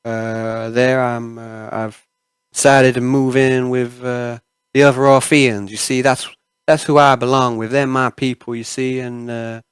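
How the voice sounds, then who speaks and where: A man voicing a startled, brittle woman in a tabletop game, speaking haltingly with many hesitations. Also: medium pitch, flat delivery, clean tone, no echo, lightly acted. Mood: nervous.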